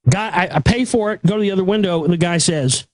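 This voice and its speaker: A male talk show host delivering an angry, profane rant that keeps building toward shouting. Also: high-pitched, quick pace, no echo. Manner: aggressive, profane, escalating to shouting.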